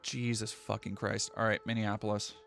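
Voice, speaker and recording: A man's voice: on the low side, flat delivery, moderate pace, creaky, a bit bright, faint music behind. A man from New England doing live-stream commentary, ranting in a profane, heated way.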